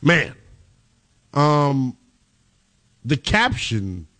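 A man's voice: mid-range voice, very animated, pushed and bright. Opinionated male sports radio host. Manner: opinionated, measured. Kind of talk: sports talk radio commentary.

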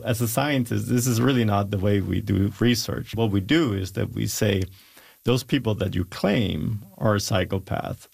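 A man's voice: fairly low pitch, creaky, darkish tone, breathy edge, dry recording. A man who is a scientist, giving an interview and explaining his research emphatically with asides. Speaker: scientist guest. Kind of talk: interview talk.

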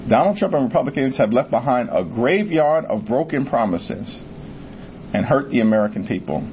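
A man's voice: medium pitch, animated, moderate pace, a little mellow, muffled recording, a little hiss or hum. A man making firm, punchy statements at a news conference. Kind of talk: press conference remarks.

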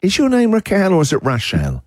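A middle-aged man hosting a breakfast radio show in casual chat, jokey and enthusiastic and quick to laugh. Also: high-pitched, wildly swooping pitch, darkish tone, dry recording, studio quality. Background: music bed.

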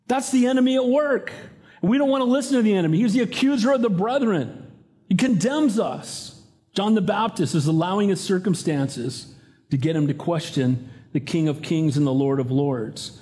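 A man's voice: high-pitched, brisk, darkish tone. A pastor in his fifties or older preaching a sermon, earnest and emphatic, rising to urgent appeals.

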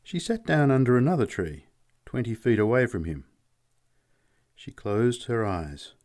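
A man narrating a story aloud in a measured storytelling manner. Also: mid-range voice, big pitch swings, darkish tone. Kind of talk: audiobook narration.

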